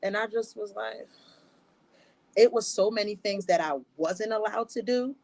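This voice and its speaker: An animated woman tells a family story on a podcast and laughs often. Her voice sits in a middle range. The sound is close and dry. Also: medium pitch, moderate pace, vocal fry, no room sound. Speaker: podcast co-host. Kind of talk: casual chat.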